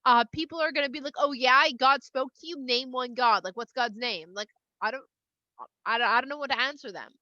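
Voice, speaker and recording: A woman's voice: high-pitched, fairly quick, sharp tone, no echo, highs cut off. Moses, a nervous stammering shepherd, voiced by a woman. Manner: stammering, anxious, self-deprecating. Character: Moses, a nervous, self-doubting young shepherd.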